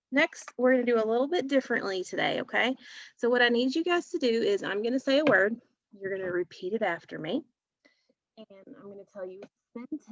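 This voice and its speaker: A woman's voice: mid-range voice, a bit bright, lo-fi sound. A woman teaching a phonics lesson to young children, patiently sounding out letters and words.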